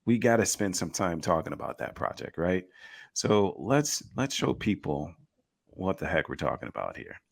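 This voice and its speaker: A man's voice: low voice, sing-song, moderate pace, gravelly. A man co-hosting a casual online panel, upbeat and steering the talk from one segment to the next. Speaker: co-host.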